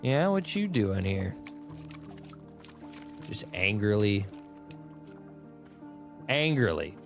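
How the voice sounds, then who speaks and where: A man's voice: fairly low pitch, sing-song, drawn-out words, gravelly, music in the background. A man streaming a video game, muttering casual commentary to himself with the odd curse.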